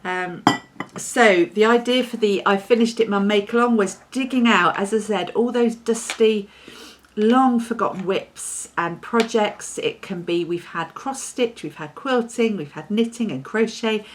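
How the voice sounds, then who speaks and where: A woman's voice: mid-range voice, measured pace, a little hiss or hum. A woman hosting a podcast, chatting casually and cheerfully to camera as she congratulates listeners. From England. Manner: chatty and upbeat, scolding her dog between shout-outs. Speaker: podcast host.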